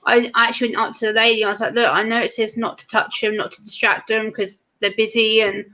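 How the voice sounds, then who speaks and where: A woman's voice: fairly high pitch, flat delivery, quick pace, pushed and bright, rough recording. A woman chatting casually, telling a story about meeting a service dog. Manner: chatty anecdotes with fillers. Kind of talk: casual chat.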